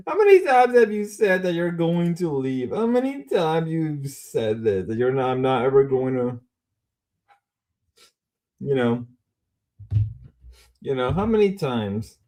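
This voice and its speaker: A young man rambles through a casual livestream, swearing and repeating himself. His voice sits a bit high and jumps all over the place. He drops to a mutter, then bursts out loud. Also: sing-song, a little slow, pauses often. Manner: rambling, profane, repeats himself, swings from mumbling to shouting. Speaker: streamer.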